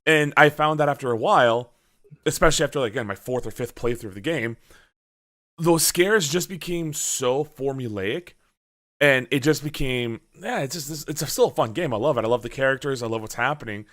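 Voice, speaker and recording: A man chatting on a podcast, telling a story in an animated way and acting out his own reactions, with a lot of swearing. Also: mid-range voice, brisk. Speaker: podcast host. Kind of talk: casual podcast chat.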